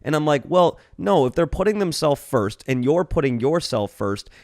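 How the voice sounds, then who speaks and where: A man's voice: a little high, animated, moderate pace, a little mellow, no room sound, clean studio sound. A man co-hosting a casual podcast, talking through his ideas at length and checking in with "right?" as he goes. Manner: rambling, explanatory, lots of "right?". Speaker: podcast co-host. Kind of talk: casual chat.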